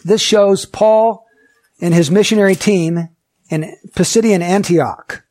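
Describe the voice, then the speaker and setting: A male pastor preaching a sermon in a fairly high voice. He speaks earnestly and emphatically, and he keeps asking the congregation rhetorical questions. He slows down to stress the words that matter. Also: darkish tone.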